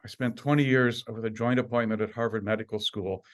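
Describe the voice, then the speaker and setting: A man in his sixties from Canada, a university administrator giving an alumni talk with wry humor and lively emphasis. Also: mid-range voice, brisk. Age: 60s. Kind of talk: prepared talk.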